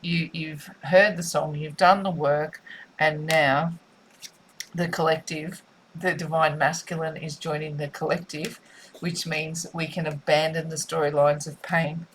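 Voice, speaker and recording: A woman's voice: deep voice, level tone, a little slow, a little hiss or hum, rough recording. A woman giving a spiritual tarot reading, musing and repetitive in a soothing way. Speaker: tarot reader.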